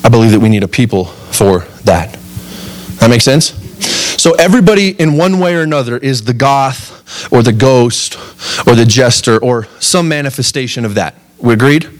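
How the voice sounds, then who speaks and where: A young adult man preaching to his congregation in a medium voice, neither high nor low. He is earnest and animated, and he keeps checking whether his listeners follow him. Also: moderate pace. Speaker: pastor. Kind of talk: sermon.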